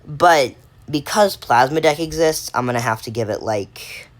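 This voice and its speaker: A woman's voice: extremely low pitch, normal speed. A woman giving casual unscripted commentary while ranking game cards, rambling and correcting herself with lots of fillers.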